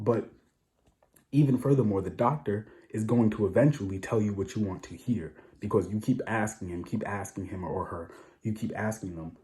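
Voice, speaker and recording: A vlogger with a lowish, warm voice talks casually to camera. He gives blunt opinions, repeats himself a lot, and throws in rhetorical asides.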